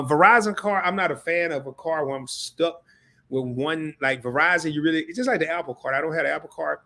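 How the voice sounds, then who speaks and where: A man hosts a casual live stream and talks directly to his chat, growing excited, repeating himself and restarting often. His voice is a little high and creaky.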